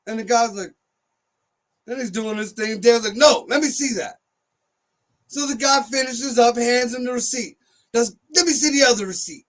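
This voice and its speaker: A man telling a profane comic story on a talk show, loud and animated, acting out what others said. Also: extremely high pitch. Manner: animated, loud, swears heavily, acts out quotes.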